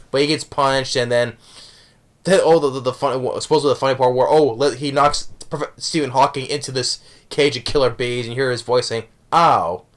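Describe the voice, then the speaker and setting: In a mid-range voice, a man casually reviews a movie. He rambles, restarts and corrects himself often, and chuckles as he retells the jokes.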